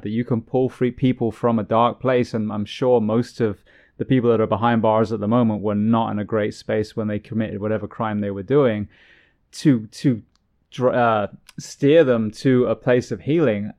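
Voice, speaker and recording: A man's voice: fairly low pitch, fairly even intonation, moderate pace, darkish tone. A man hosting an interview podcast, asking questions in long, run-on sentences. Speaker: podcast host. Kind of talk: interview host.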